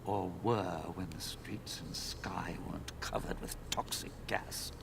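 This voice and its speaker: An actor playing a sly, jaded old male ghoul crooner in a video game, wry and dropping to hushed whispers. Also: sits low, fairly even intonation, measured pace, exaggerated voice. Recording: clear background noise in game audio.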